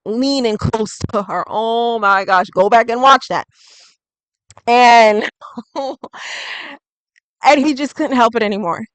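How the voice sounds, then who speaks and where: A woman's voice: fairly high pitch, fairly bright tone, no echo, rough recording. A woman doing a casual tarot reading vlog, chatty and rambling, full of "like". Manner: chatty and rambling, heavy use of "like". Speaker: tarot reader.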